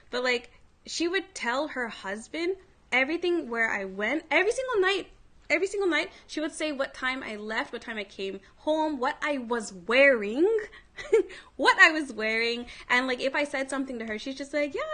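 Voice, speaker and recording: A woman's voice: on the high side, pushed and bright. A woman hosting a livestream, telling a story in a casual way, full of "like" and other fillers. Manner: chatty, filler-heavy, frequent "like". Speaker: livestream host.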